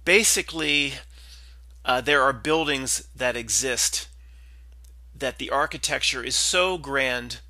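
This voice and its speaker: A man rambles through a skeptical monologue and keeps doubling back on himself. His voice is gravelly, with a sharp, bright edge. The sound is dry and close, with no room around it. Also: medium pitch, takes it slowly, dry recording. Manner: meandering, skeptical, full of restarts and asides. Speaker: podcast host.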